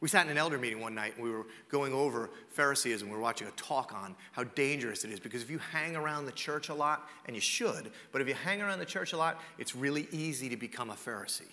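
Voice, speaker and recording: A male pastor preaching a sermon, telling the story in an animated, conversational way with rhetorical questions. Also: mid-range voice, fast talker, hardly any pauses. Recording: echoey hall reverb.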